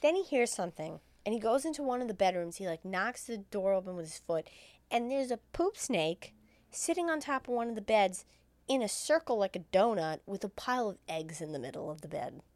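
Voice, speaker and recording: A woman co-hosting a podcast, retelling a film in a casual, profane, animated way and acting out the characters' lines. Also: medium pitch, fairly quick, dry recording. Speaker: podcast co-host recapping a film. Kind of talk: casual chat.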